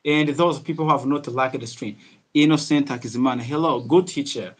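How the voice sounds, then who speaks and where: A man's voice: mid-range voice, brisk. A young man whose first language is Kinyarwanda, teaching English on a live stream in an earnest way, often repeating himself and restarting phrases.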